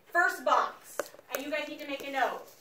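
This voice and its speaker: A woman teacher lecturing her class in an animated, chatty way, speaking straight to the students. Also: high voice, racing, background noise. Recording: echoey classroom, mic far off.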